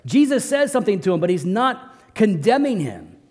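Animated male pastor preaching in a hall. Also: normal speed. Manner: animated, swings between loud emphatic bursts and soft low asides. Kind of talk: sermon.

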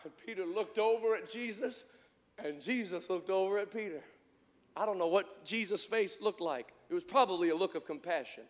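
A man preacher telling a story as a sermon, fervent, and building up to shouted appeals to the congregation. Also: sits high, normal speed, big-room sound.

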